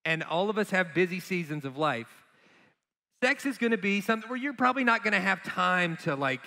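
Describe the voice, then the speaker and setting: Man, guest speaker, casual storytelling, high voice, bright tone. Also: animated, brisk. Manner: storytelling with acted quotes and laughs. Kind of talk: casual stage talk to a church audience. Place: church auditorium stage. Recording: echoey church hall.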